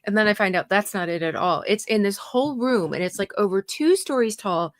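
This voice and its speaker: A woman's voice: mid-range voice, fairly quick, no echo, studio quality. A woman co-hosting a podcast, chatting casually and telling rambling anecdotes. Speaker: podcast co-host. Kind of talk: casual chat.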